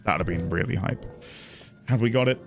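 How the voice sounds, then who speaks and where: A man's voice: low voice, a little fast, gravelly, music in the background. A man streaming a video game, chatting with his viewers in a casual, reflective way and thanking them as he plays. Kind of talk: casual gameplay commentary.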